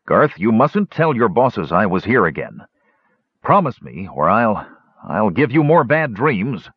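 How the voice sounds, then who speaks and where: A man voicing a gruff male hill dwarf who speaks in an earnest, coaxing, hushed way. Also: fairly low pitch, very animated, unhurried, no echo, heavily acted. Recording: dull lo-fi audio.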